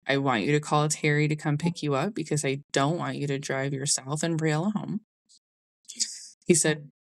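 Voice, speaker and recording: On her podcast, a young adult woman with a low voice tells a personal story candidly and conversationally, using a Southern "y'all." The recording is dry.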